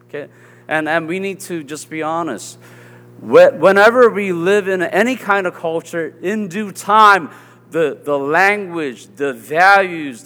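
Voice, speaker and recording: A man's voice: on the high side, bright, forceful tone, long reverb tail. A man with a Southern US accent preaching a sermon as pastor, earnest and conversational, often checking in with his listeners.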